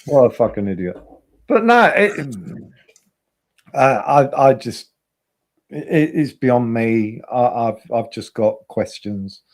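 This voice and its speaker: A man's voice: medium pitch, lively intonation, slow. Blunt, profane male livestream host. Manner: blunt, profane, repeats himself. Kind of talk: casual livestream chat.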